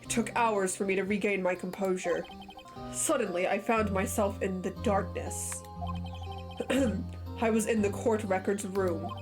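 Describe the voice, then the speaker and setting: A woman voicing an old, vengeful male prosecutor, pitching her voice down for him, with game music behind. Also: fairly even intonation, measured pace, lightly acted. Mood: grim. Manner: voice lowered for the character.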